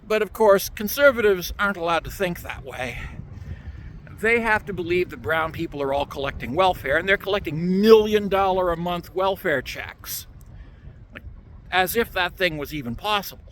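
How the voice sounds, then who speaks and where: A Canadian man with a high, expressive, fairly bright voice speaks at normal speed straight to the camera, with slight background noise. A political commentator, he delivers a solo opinion monologue, ranting sarcastically and mocking his opponents.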